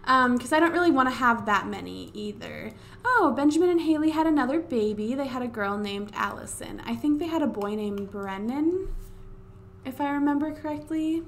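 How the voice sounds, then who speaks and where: A woman's voice: sits high, animated, normal speed, a bit bright, a little hiss or hum. A woman giving casual gameplay commentary at home, exasperated, talking to the game characters and drawing out her wows. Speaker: let's play host. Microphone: desk USB microphone.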